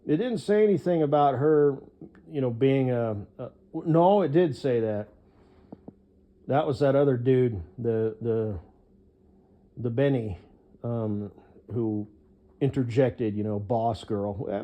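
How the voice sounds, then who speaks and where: A man's voice: medium pitch, lively intonation, slow pace, highs cut off. A man delivering a rambling one-sided monologue, swearing freely and filling his speech with hesitations. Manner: rambling, profane, full of fillers.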